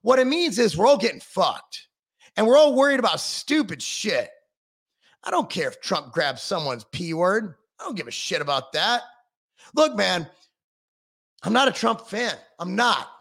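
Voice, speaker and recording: A man's voice: high voice, sing-song, unhurried, a bit bright. A middle-aged man giving a heated, sarcastic political rant full of swearing.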